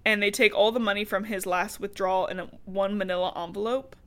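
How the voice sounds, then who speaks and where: A woman's voice: medium pitch, steady tone, fast talker. A woman co-hosting a podcast, casually recapping a book in a loose, chatty way with plenty of swearing and laughter. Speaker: podcast co-host.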